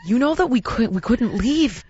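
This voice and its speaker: A woman hosting a casual chat, telling a story in an animated, exasperated way and acting out what people said. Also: a little high, normal speed, dull audio. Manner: animated, exasperated, acts out quotes. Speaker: podcast host.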